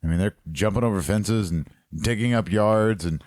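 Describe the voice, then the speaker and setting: A man's voice: on the low side, normal speed, darkish tone, dry recording, studio quality. A man co-hosting a horror podcast, retelling a film in a laid-back, profane way. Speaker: podcast co-host. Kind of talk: casual chat.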